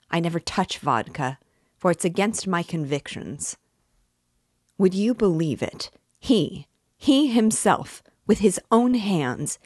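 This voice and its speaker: A woman's voice: sits low, no echo, clean studio sound. Woman reading a hotly angry young idealist. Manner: heated, insistent accusing. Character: earnest, principled young man, hotly angry.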